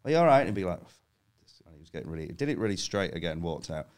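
A man's voice: low voice, very fast. A man, a comedian guest, telling stories in casual chat, laughing often and acting out the people he quotes.

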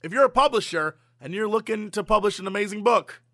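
A man co-hosting a casual chat, joking in an animated way, with a sore throat. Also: high voice, fast talker, no echo, clean studio sound. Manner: animated, jokey, goofy asides. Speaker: podcast co-host.

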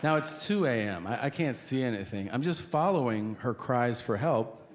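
A man doing stand-up on stage, telling a story with drawn-out comic timing and acting out quotes. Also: medium pitch, lively intonation. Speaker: stand-up comedian. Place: stage before a live audience. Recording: live show with hall noise.

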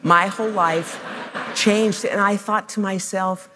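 A woman's voice: medium pitch, fairly even intonation, slow, noisy background. Heartfelt woman host, hall echo. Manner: warm storytelling, emphatic and heartfelt. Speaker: TV host interviewing. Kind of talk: conversational interview on stage. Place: stage before a live audience.

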